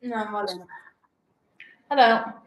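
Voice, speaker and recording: A young woman in casual family chat, quick to object. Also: on the high side, a bit bright. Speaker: host's daughter. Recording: echoey room.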